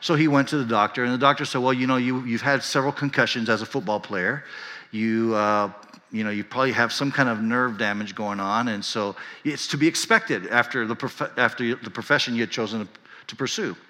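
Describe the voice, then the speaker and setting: A man's voice: medium pitch, a little fast, sharp tone, long reverb tail. A pastor in his fifties preaching a sermon, telling a story earnestly and building to impassioned emphasis. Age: 50s.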